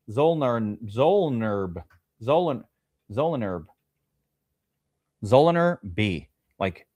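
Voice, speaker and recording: A man's voice: medium pitch, dry recording, studio quality. Chatty man hosting a fantasy football stream. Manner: loose and chatty, reads viewer names aloud, swears casually. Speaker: livestream host drafting fantasy football. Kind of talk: casual livestream chat.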